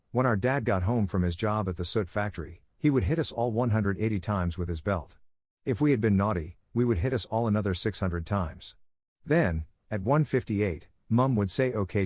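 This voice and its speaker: Low-voiced man reading stories aloud. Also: a little mellow, husky, no echo, clean studio sound. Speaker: narrator of online stories. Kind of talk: read-aloud story narration.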